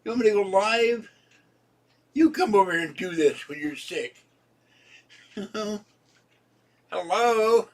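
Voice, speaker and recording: A man in his seventies, sick and hoarse, rambling casually to his viewers about his day and laughing at his own jokes. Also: high voice, animated, slow pace, long pauses, distant mic. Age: 70s. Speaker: vlogger. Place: home.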